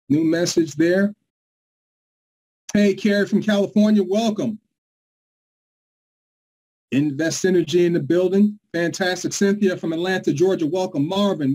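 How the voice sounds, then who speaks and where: A man's voice: sits high, dark tone, rough recording. A man from New York hosting a live online presentation, upbeat and hyped as he greets viewers by name. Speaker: webinar host.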